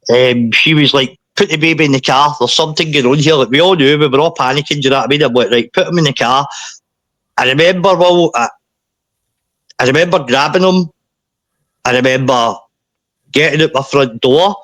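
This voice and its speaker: A man, a podcast guest, recounting a painful personal story in a halting way, often repeating himself and saying mate. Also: a little high, a bit bright, dry recording.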